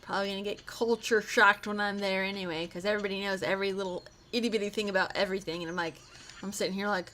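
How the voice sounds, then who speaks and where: A woman's voice: mid-range voice, steady tone, fast talker, pushed and bright, a little hiss or hum. A young adult woman streaming a game live, chatting in a giggly, rambling way full of silly asides. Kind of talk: casual live-stream chat while gaming.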